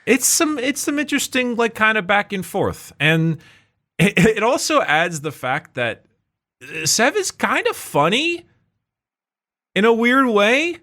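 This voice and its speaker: A man's voice: high-pitched, sing-song, a little slow, bright, forceful tone. A man in casual podcast chat, rambling with lots of fillers and restarts, laughing often. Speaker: podcast co-host.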